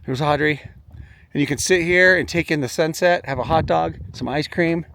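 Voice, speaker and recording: A man vlogging on a hike outdoors, exclaiming excitedly at the sights while filming on a handheld pocket camera. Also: fairly high pitch, moderate pace, gravelly, a little hiss or hum. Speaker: travel vlogger. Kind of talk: walking travel vlog. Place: outdoors on a hilltop trail.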